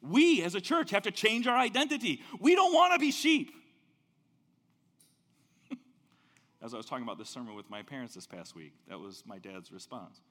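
A man preaching a sermon as pastor, telling stories with big swings between loud and soft. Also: moderate pace, long pauses, long reverb tail. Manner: animated storytelling, big swings in pitch and loudness.

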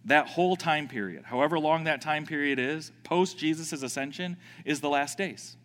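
A man preaching a sermon, animated, often repeating words and acting out panicked voices. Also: fairly high pitch, normal speed, in a large hall. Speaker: pastor.

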